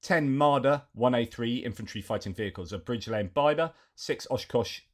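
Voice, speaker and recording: A man's voice: medium pitch, normal speed. A man giving casual news commentary, chatty and reeling off lists with frequent fillers.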